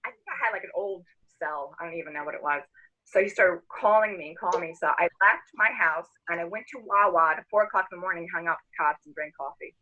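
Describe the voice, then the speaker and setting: A middle-aged woman telling a story casually among friends, animated, laughing and acting out the quotes. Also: lowish voice, quick pace, lo-fi sound.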